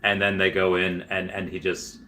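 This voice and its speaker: A man talks through a casual vlog in a lowish voice with a bright, forward tone. He rambles, restarts his sentences and chuckles often. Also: monotone, moderate pace, slight background noise. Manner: rambling, many fillers and restarts, frequent chuckles. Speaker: gaming and crypto video host.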